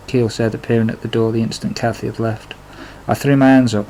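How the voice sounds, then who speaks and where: A man's voice: on the low side, flat delivery, fairly quick, hardly any pauses, darkish tone, a little hiss or hum, poor audio. A man narrating his own life story in a plain, confessional way, with blunt swearing. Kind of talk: memoir storytelling.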